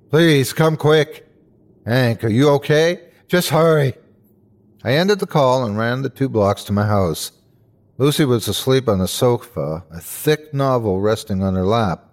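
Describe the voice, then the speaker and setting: A man hosting and narrating a scripted horror story with a measured, suspenseful delivery. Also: mid-range voice. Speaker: host and narrator.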